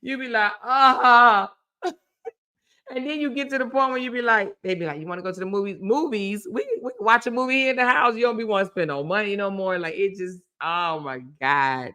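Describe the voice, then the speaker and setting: A woman hosting a livestream. She chats casually with her viewers in an animated, teasing way and reads their comments aloud. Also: medium pitch, fairly quick, smooth. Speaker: livestream host. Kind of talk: casual chat with live viewers.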